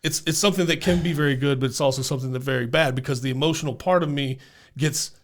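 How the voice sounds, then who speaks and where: A man's voice: mid-range voice, steady tone. A man co-hosting a casual faith podcast, agreeing readily and speaking reflectively about himself. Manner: agreeable, reflective, quick to laugh. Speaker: podcast co-host.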